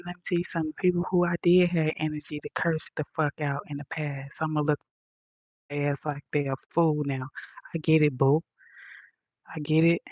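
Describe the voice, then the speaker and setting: A woman ranting bluntly and profanely to her viewers, talking softly into a headphone mic at home in a condo. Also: sits low, no echo, dull audio. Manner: blunt, profane, soft-spoken. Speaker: vlogger. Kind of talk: casual rant to viewers. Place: high-rise condo.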